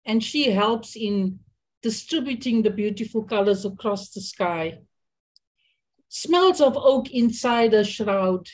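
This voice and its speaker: A woman reading and explaining her poetic comic over a video call, thoughtful in manner. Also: a little high. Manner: slow and thoughtful. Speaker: workshop participant.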